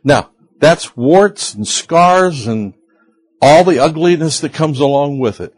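A man preaching a sermon in a slow, earnest way, sometimes rising sharply in pitch and loudness for emphasis. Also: dry recording. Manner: acts out quoted voices of listeners. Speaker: pastor.

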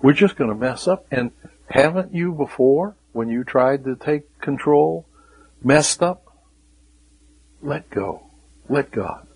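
Guy preaching slow and earnest, kinda husky, gets real quiet on the bible verses. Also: mid-range voice, dry recording, rough recording. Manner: earnest, repeats key words, drops to a hushed voice for scripture. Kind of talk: sermon.

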